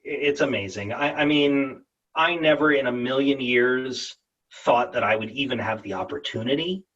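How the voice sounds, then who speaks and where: A man's voice: medium pitch, moderate pace, a bit bright, distant mic, highs cut off. A man, a voice actor guest, telling stories animatedly in a casual interview over a video call and slipping into character voices.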